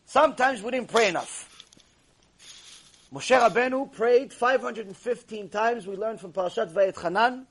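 High, husky-voiced rabbi teaching a class. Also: male voice, moderate pace. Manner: animated storytelling with Hebrew terms. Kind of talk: Torah class lecture. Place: classroom with a live audience.

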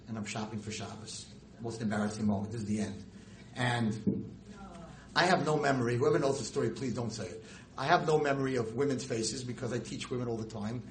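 A middle-aged man, a rabbi and teacher telling stories in a lecture, animated and jumping high and loud when acting out scenes. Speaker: rabbi and girls' school teacher. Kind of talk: storytelling lecture to an audience. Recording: roomy hall with faint noise.

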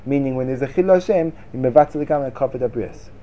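A man giving a lively Torah class to students, sarcastic and quick to laugh at his own points. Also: medium pitch, dull audio. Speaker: Torah teacher.

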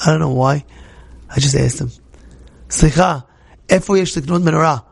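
A young man telling a religious story to a class, excitable, repeating words and acting out the people he quotes. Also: on the high side, moderate pace, gravelly. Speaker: Torah teacher.

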